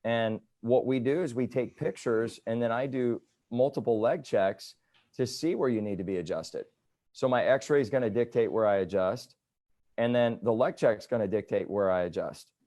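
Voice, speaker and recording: A man in his thirties, a chiropractor, telling patient stories in a casual interview, often tagging "right?" onto his points. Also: mid-range voice. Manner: animated storytelling, repeats "right?" often.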